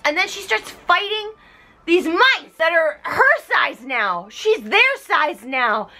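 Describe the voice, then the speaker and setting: Brief: tipsy young woman comic narrator, high and bright, giggly, does voices. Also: a little slow, faint music behind. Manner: giggly, animated, voices the characters. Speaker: host. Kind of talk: tipsy comedic retelling.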